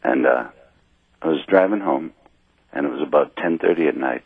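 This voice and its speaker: A slightly drunk man calling in to a radio show, telling a long story in a rambling, halting way over a phone line. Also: extremely low pitch, creaky, breathy edge, dry recording. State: a little drunk. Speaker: caller. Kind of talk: call-in radio chat.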